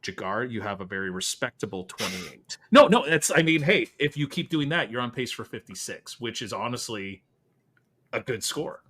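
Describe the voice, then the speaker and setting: A man's voice: mid-range voice, animated, normal speed, fairly bright tone. A man hosting a casual movie trivia podcast, tallying points and chatting about films. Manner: upbeat, running scores and banter. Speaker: podcast host. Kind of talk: casual game-show chat.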